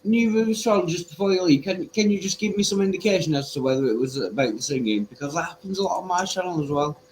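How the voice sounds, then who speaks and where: Chatty high-voiced man singing along. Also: lively intonation, fast talker, darkish tone, slight background noise, low-quality recording. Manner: chatty, jokey, bursts into singing along to music. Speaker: guest streamer. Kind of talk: casual chat and singing along.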